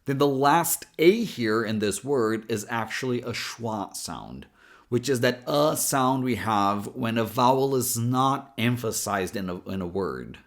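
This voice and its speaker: An American man coaching pronunciation, taking each word apart syllable by syllable. He talks slowly and with a lively, rising and falling pitch, spelling out sounds carefully for learners. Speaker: accent coach. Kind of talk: pronunciation lesson.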